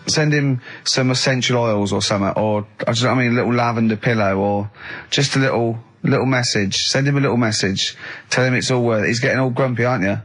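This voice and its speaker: A man's voice: mid-range voice, fast talker, rough recording. Man, radio host, teasing, bossy, studio mic, faint music under him. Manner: teasing, bossy, bursts of loud laughter. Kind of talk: comic radio banter. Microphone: studio microphone.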